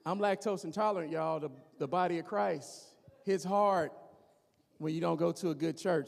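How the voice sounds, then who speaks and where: Male comic working the crowd, animated and teasing, higher pitch, reverberant church room. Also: moderate pace, vocal fry. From Gary, Indiana, USA. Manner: animated, teasing, talks straight to the audience. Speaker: stand-up comedian. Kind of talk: stand-up comedy with crowd work. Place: church hall before a live audience.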